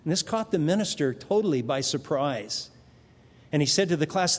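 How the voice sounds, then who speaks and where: Pastor, male, fairly high voice, emphatic sermon delivery with dramatic pauses, church hall with long echo. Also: lively intonation, husky. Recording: long reverb of a large hall.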